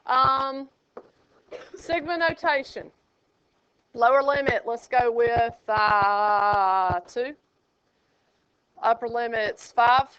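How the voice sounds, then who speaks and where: A woman's voice: a little high, very slow, pauses often, a bit bright, clear, resonant tone, dry recording. A woman math teacher, teaching a classroom and joking with her students. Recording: dull lo-fi classroom recording.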